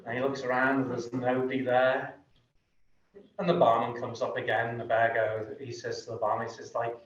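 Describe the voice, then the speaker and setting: A man's voice: medium pitch, little pitch movement, a little fast, slight background noise. A man teaching a tai chi class, telling a long joke playfully and laughing at his own punchlines. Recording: echoey, distant, dull.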